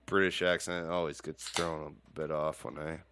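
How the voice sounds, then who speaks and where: A man's voice: extremely low pitch, flat delivery, normal speed, noisy background. A man hosting a casual podcast, rambling and joking, swearing freely. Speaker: podcast host.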